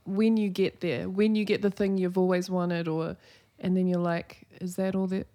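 A woman interviewing a guest, asking gentle, reflective questions in a conversational way. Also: lowish voice, level tone, normal speed.

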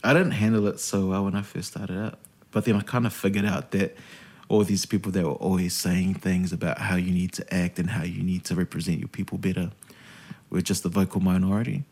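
Speaking briskly in a low voice, a male radio host spins stories during a relaxed interview. He curses without restraint and performs the voices of whoever he's quoting, keeping the telling lively.

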